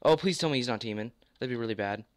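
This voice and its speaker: A young man giving live gameplay commentary, hoarse with a worn-out voice, excitable, repeating phrases and yelping as he plays. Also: medium pitch, fast, dry recording, clean studio sound. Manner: excitable, repeats phrases, yelps and laughs mid-sentence. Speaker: gaming YouTuber.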